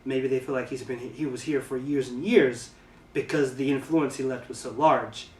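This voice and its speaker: A man from the United States talking casually to camera for his vlog, relaxed and halting, filling pauses with ums and uhs. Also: mid-range voice, roomy sound, recorded from a distance. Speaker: vlogger.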